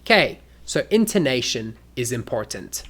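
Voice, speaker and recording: An English teacher giving a lesson to learners in a clear, deliberate way and acting out spoken examples. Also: mid-range voice, sing-song, fairly bright tone.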